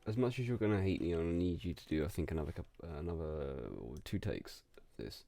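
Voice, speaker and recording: Deep-voiced man rambling in the studio. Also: expressive, quick pace, mellow. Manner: rambling, self-interrupting, repeats words. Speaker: music producer coaching a singer. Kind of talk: casual studio session feedback.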